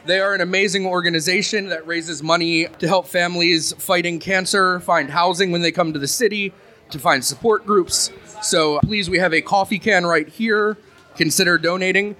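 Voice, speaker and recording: Bright-voiced male game master. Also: sits high, fairly even intonation, normal speed. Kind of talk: live podcast hosting and scene narration.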